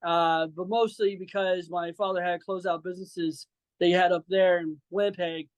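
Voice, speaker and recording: A man's voice: high-pitched, fairly even intonation, normal speed, no room sound, rough recording. A man in his forties from Saint Louis, a wrestler guest chatting loosely with lots of fillers and some brash trash-talk. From Saint Louis, Missouri. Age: 40s. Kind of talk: casual interview chat.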